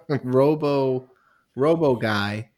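A man's voice: mid-range voice, very slow, a little mellow. Man, podcast co-host, casual chat, rambling, giggly.

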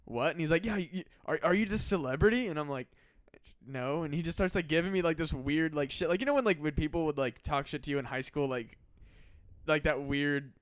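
A man guesting on a podcast rambles through casual chat, full of fillers and swearing. His voice sits a little high for a man. The sound is dry and close, with no room echo. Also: fairly even intonation, quick pace, clean tone. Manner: profane, filler-heavy, trailing off.

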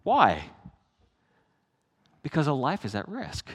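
A man's voice: a little high, huge pitch swings, unhurried, pauses often, a bit bright. Preaching man in a reverberant hall. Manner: conversational preaching, acts out quoted voices. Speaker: pastor. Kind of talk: sermon. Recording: long reverb of a large hall.

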